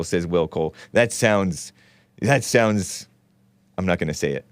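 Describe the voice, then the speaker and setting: A man's voice: low-pitched, expressive, slow pace, pauses often, dry recording. Rambling sarcastic male talk host. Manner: rambling, sarcastic, stumbles over names; reads news aloud with running commentary. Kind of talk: casual call-in talk show.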